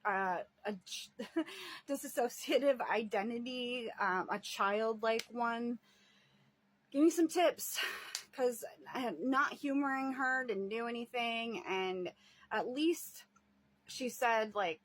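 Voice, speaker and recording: A woman's voice: on the high side, takes it slowly, a little hiss or hum. A woman caring for her parents, talking in a rambling casual video diary, laughing often and sighing. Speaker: vlogger and family caretaker.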